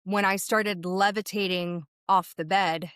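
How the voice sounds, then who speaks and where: A woman at a middle pitch, talking as a medium who is a guest in an interview. She tells her story vividly, speeding up and slowing down with it, in a dry, close sound. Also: fairly even intonation, a bit bright, clear, resonant tone, no room sound. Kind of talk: recounting a personal experience in an interview.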